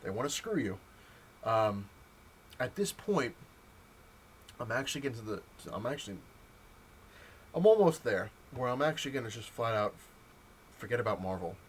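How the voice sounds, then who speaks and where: A man's voice: medium pitch, sing-song, moderate pace, pauses often, slight background noise. A young man in a casual, rambling vlog rant, exasperated and full of fillers and restarts. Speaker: comic collector vlogger. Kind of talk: casual ranting monologue.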